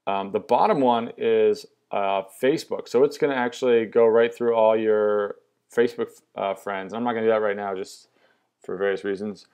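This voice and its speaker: An upbeat young man talks through an app demo in a loose, casual way. His voice sits a little low, and his delivery is eager and full of restarts. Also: steady tone, normal speed, darkish tone, clear, resonant tone. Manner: upbeat, enthusiastic, lots of fillers and restarts. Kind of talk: casual product demo walkthrough.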